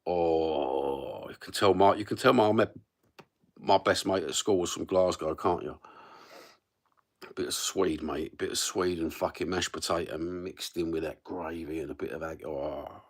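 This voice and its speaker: A man's voice: low voice, measured pace. A middle-aged man with an East London accent, rambling through a casual livestream chat, sweary and matey with plenty of slang. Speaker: livestream host.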